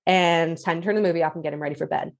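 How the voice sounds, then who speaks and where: A woman guest on a casual podcast, her voice on the lower side. She tells anecdotes in an easy, relaxed way. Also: rapid-fire. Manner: relaxed, conversational anecdotes with fillers. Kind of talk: casual chat.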